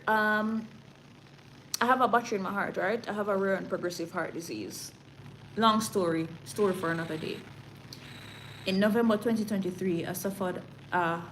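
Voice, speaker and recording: A woman's voice: lowish voice, slight background noise, rough recording. A woman with a Jamaican accent hosting a casual livestream, chatty and sliding into patois. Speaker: livestream news host.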